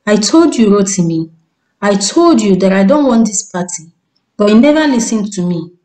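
Woman playing a grieving young wife, pleading, tearful, mellow tone, mid pitch. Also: animated, normal speed, close to an everyday voice, low-quality recording. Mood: distressed.

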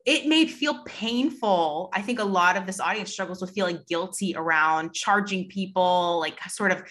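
A woman hosting an interview, enthusiastic and talking in quick, rambling restarts. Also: lowish voice, a bit bright. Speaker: interview host. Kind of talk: conversational interview.

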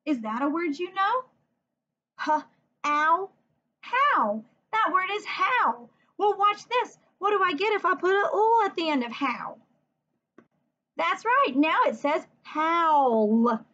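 A woman teacher giving a phonics lesson for young children, sounding words out slowly letter by letter and asking encouraging questions. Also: very high-pitched, very animated, sharp tone, highs cut off. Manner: encouraging, asks the listener questions.

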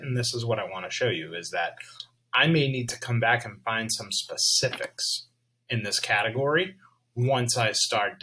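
A male teacher giving a lesson video, speaking slowly and checking in with his students. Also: mid-range voice, a bit bright, a little hiss or hum, poor audio. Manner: slow, checks in with "all right?".

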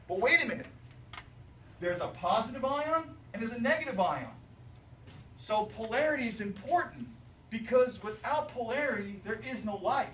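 A male chemistry teacher lecturing his class, animated and jokey, asking students questions. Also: sits high, a little hiss or hum. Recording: roomy, distant classroom recording.

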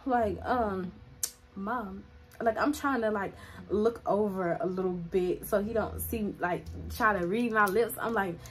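A woman's voice: medium pitch, measured pace, faint music behind. Young woman doing a storytime vlog, says like a lot, dramatic retelling. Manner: chatty, lots of "like" fillers, dramatic retelling. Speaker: vlogger.

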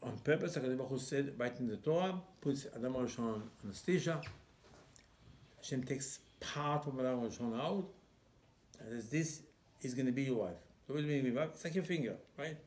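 A man's voice: mid-range voice, fairly quick, a little mellow. A male rabbi giving an emphatic sermon, full of rhetorical questions and broken English.

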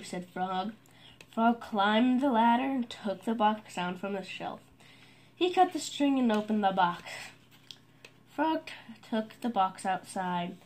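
A woman's voice: mid-range voice, a little slow. A woman at home reading a children's storybook aloud, carefully and steadily. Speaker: storybook reader.

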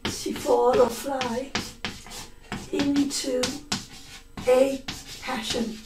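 Slow, mellow woman teacher telling a story. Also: high voice, recorded from a distance. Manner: slow and deliberate, explains words, acts out voices in quotes. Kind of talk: slow story-listening lesson. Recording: echoey room, voice a little off mic.

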